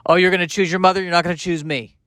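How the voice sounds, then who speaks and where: A man's voice: high voice, fairly even intonation, racing, pushed and bright, dry recording, studio quality. A man doing a jilted rom-com woman. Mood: hurt, jealous. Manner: hurt, clingy, guilt-tripping. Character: jilted romantic-comedy woman, adult, jealous.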